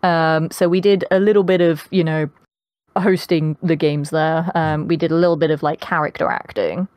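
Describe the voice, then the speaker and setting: A woman's voice: sits low, fairly even intonation, normal speed, darkish tone, dry recording. A young adult woman with a posh British accent, chatting as a podcast guest, with lots of ums. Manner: chatty, many ums, laughs often. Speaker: guest voice actress. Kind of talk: casual podcast interview.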